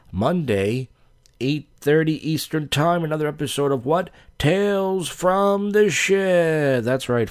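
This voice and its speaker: Deep-voiced man with a sarcastic, offhand delivery. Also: a little mellow. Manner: sarcastic, offhand, mock-impersonating. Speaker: live stream host. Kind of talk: casual commentary on viral clips.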